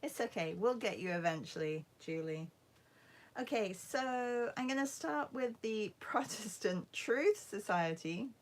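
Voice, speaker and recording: A woman's voice: mid-range voice, expressive, a little slow. A woman hosting a casual livestream art class, chatting with viewers and greeting them by name, sometimes dropping into a whisper.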